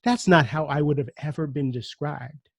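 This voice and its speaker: A man's voice: fairly high pitch, normal speed, creaky, no room sound. A middle-aged man with a Brooklyn accent hosting a podcast, chatty and reflective, with some teasing. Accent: Brooklyn, New York. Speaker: podcast host. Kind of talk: conversational interview hosting.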